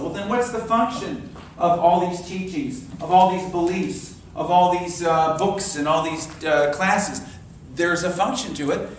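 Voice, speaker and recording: A man gives a sermon-style talk in a church hall, recorded from a distance so his voice sounds echoey and roomy. His pitch sits a little high for a man. He is an animated storyteller who acts out the voices of the people in his stories. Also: a little slow, a little hiss or hum. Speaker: minister.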